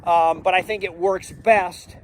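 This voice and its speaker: A man's voice: sits high, steady tone, unhurried, slight background noise. A middle-aged man, a farmer, chatting casually outdoors in his fields, explaining his work as he goes and drifting off topic. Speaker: farmer vlogger. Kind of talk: casual outdoor farm vlog.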